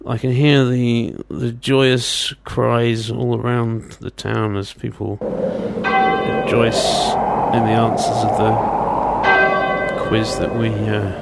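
A man's voice: medium pitch, level tone, very slow, vocal fry, very noisy. A man hosting a radio show, talking in a chatty, wry way with teasing asides. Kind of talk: casual radio DJ patter.

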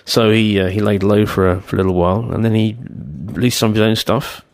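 A man's voice: fairly low pitch, fairly even intonation, fairly quick, a little mellow, no room sound. A man hosting a radio show, chatting casually and rambling with self-deprecating asides.

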